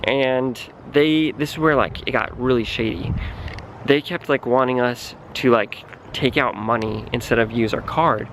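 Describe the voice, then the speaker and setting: A man's voice: mid-range voice, unhurried, fairly bright tone, slight background noise. A young man vlogging, telling a story in a chatty, dramatic way and often saying "like". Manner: chatty, dramatic, heavy use of "like". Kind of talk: casual storytelling to camera.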